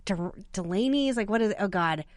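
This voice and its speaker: A woman in her thirties hosting a podcast, chatting in an animated, excitable way. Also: mid-range voice, dry recording, clean studio sound. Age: 30s. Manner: animated, excitable, quick reactions. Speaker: podcast host. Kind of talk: casual interview chat.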